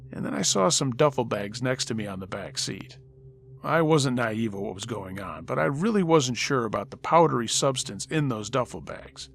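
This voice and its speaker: A man's voice: mid-range voice, vocal fry, fairly bright tone. A man telling a first-person scary story aloud in a dramatic, conversational way. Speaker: storyteller host.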